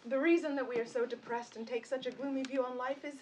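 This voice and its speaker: A woman's voice: high-pitched, fairly even intonation, fast, a little mellow, natural voice. An actress playing an earnest, melancholy young woman of twenty, wistful but resolute. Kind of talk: stage drama acting. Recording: distant mic with noise.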